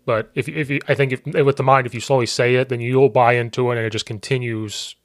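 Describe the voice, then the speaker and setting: A man from Central Illinois with a Midwestern accent, hosting a podcast in a casual, chatty way, full of restarts and quick laughs. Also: mid-range voice, fairly even intonation, dry recording. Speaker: podcast host and football coach.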